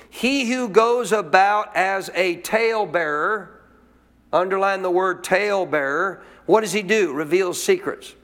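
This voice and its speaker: High-voiced emphatic preacher man. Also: a bit bright. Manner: emphatic, questions the congregation and repeats points. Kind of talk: sermon. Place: church.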